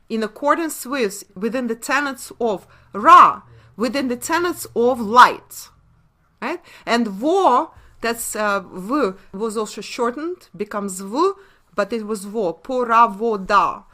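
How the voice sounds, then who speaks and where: Emphatic woman with a Russian accent, bright tone. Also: a little high. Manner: emphatic, asks rhetorical questions and answers them. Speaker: webinar presenter. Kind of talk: lecture on word origins.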